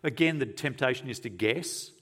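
A man's voice: mid-range voice, normal speed. Earnest male preacher delivering a sermon. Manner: earnest and emphatic, asks rhetorical questions, shifts between forceful and hushed.

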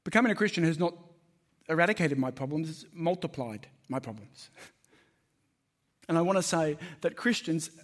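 Leaning into his points and putting questions to those listening, a man delivers a sermon to his congregation in an emphatic but conversational style. His slightly higher-than-usual male voice is expressive, with a moderate pace and frequent pauses.

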